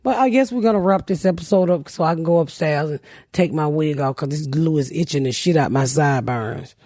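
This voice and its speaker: A woman's voice: low voice, brisk, no echo, studio quality. A woman hosting a podcast, telling profane stories in a casual comedic chat. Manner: profane, loud storytelling with laughs. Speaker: podcast host.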